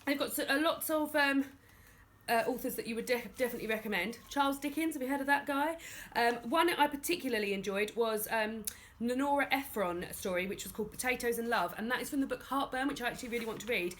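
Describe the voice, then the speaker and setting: A woman's voice: on the high side, animated, fast, bright, forceful tone. A young woman chatting about books she has read, enthusiastic, with lots of ums and restarts. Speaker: book vlogger. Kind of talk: casual book review chat.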